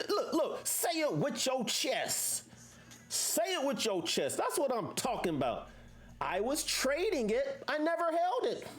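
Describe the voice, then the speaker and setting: A woman hosting a casual livestream, talking to viewers in a preachy way full of rhetorical questions. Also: sits high. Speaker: livestream host.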